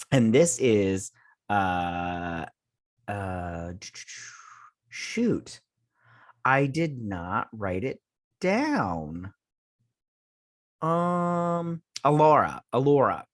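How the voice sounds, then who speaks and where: A man's voice: medium pitch, sing-song, extremely slow, pauses often, no echo, studio quality. A man hosting his own channel, reviewing a TV episode in a rambling, scatterbrained casual chat. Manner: rambling, scatterbrained, many restarts.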